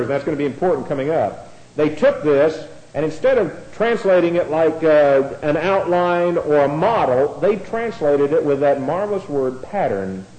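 Guy teaching a bible study, kinda high voice, chatty and explaining stuff, restarts a lot. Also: darkish tone, low-quality recording. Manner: explanatory, spells out words letter by letter; conversational with frequent restarts.

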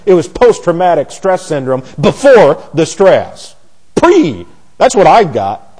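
Lively-voiced man preaching a sermon. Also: a little high, normal speed. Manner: animated, repetitive restarts, sarcastic asides.

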